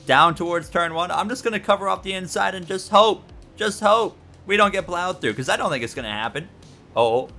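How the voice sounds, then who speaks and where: Excitable, lively man commentating a racing game. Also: sits high, brisk, soft background music. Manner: excitable, jokey, yelps and repeats himself under stress. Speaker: gaming YouTuber. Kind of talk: excited let's-play commentary.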